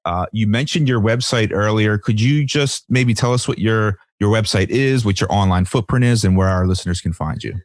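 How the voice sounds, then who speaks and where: A man's voice: on the low side, a little fast, few pauses, dry recording, clean studio sound. A man hosting a podcast interview, easygoing and a little hesitant as he wraps up. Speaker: podcast host. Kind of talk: casual interview chat.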